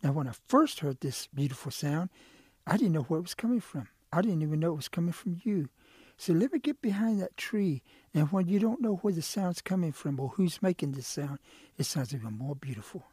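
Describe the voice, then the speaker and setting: A man's voice: on the high side, lively intonation, a little fast, warm tone, husky, no echo. A man voicing a male quail in a told story, a cunning trickster who is eager and pleading. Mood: coaxing. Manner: coaxing, persuasive.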